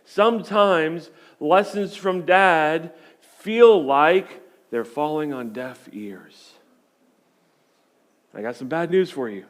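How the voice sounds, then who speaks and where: Middle-aged male pastor, fairly high voice, chatty joking sermon in church. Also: slow pace. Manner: joking, conversational storytelling.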